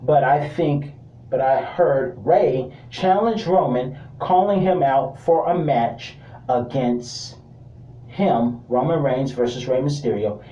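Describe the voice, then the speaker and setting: A man chatting through a wrestling review, joking and tossing in offhand asides. His voice is mellow and soft-edged. It carries an echoey room sound and sits a little away from the mic. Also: mid-range voice, slow, distant mic, muffled recording. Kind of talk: casual commentary.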